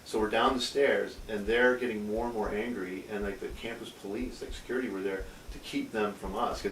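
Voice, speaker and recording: A man recounts an old tour story in an animated, profane way, stacking up asides as he goes. His voice sits a little low, and he sounds set back from the mic in a reverberant room. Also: fairly quick, distant mic, slight background noise. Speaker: band member recalling a tour. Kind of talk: anecdotal storytelling.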